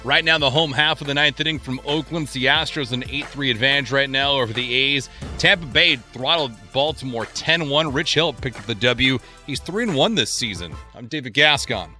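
A man's voice: mid-range voice, pushed and bright, faint music behind. Male sportscaster reading scores. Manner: brisk announcer delivery. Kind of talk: scripted scores update.

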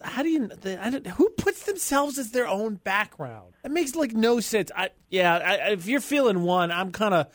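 High-voiced man bantering on radio. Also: moderate pace, few pauses, no echo. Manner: teasing, animated, stumbling restarts. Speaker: radio show co-host.

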